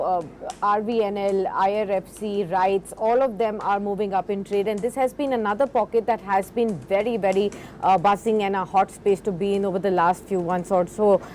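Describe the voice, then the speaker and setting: A woman's voice: medium pitch, steady tone, normal speed, hardly any pauses, darkish tone. Indian English woman, market co-host, conversational questioning, light hiss. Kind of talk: live market commentary.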